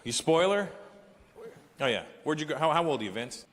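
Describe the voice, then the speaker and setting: A man in his forties performing a stand-up comedy set, telling stories animatedly with profanity and loud punchlines. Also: fairly high pitch, big pitch swings, fairly quick. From Canada. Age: 40s. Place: large live venue. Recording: echoey hall with live crowd ambience.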